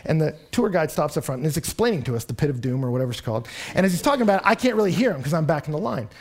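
A young man preaching a sermon from Texas, telling stories in an animated way and closing in prayer. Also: a little high, very fast. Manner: animated storytelling, rising and louder in anecdotes.

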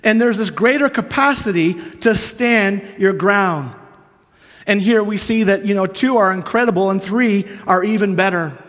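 A man's voice: sits high, moderate pace. Man preaching in an echoing hall. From Canada. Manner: earnest, storytelling, swings from hushed to emphatic. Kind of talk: sermon. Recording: long hall reverb.

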